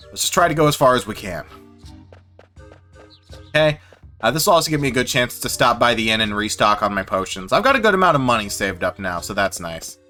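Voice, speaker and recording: A man giving casual, rambling commentary while streaming a game, self-deprecating and quick to swear. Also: mid-range voice, sing-song, bright, forceful tone, faint music behind.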